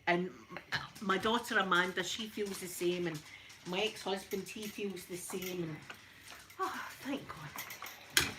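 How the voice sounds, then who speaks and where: A woman's voice: mid-range voice, background noise. A middle-aged Scottish woman chatting on a live stream, greeting viewers by name and laughing often as she talks. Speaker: vlogger. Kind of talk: casual live-stream chat.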